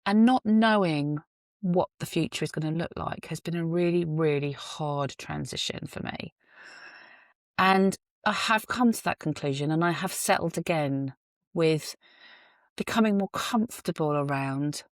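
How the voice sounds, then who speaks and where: A woman speaks unhurriedly in a voice that sits low, hosting her own podcast from a parked car on a phone. She muses earnestly in a reflective monologue with self-deprecating remarks, and the audio is studio quality with no echo.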